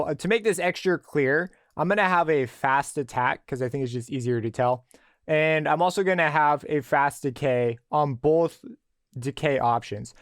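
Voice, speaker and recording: Man explaining a synth plugin, crisp. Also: on the high side, dry recording, studio quality. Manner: relaxed explanatory, thinking aloud with fillers. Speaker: music production tutor. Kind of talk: screen-recorded software tutorial.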